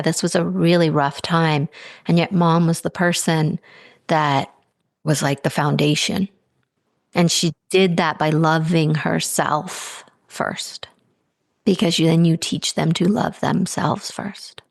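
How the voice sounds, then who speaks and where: A soft-spoken woman coach with a fairly low, gravelly voice, talking in a slow, soothing and affectionate way. She sounds close to the mic in a dry, dead room with no echo. Her talk leans on drawn-out phrasing and gentle reassurance. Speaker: podcast host and spiritual coach.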